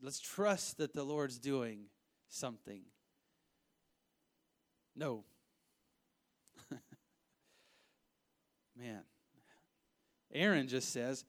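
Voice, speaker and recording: A married man preaching a sermon, reading scripture verse by verse and commenting in an animated way that rises to emphatic outbursts. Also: mid-range voice, drawn-out words, long pauses. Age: adult, married with children. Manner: animated, rising to emphatic outbursts, acts out voices.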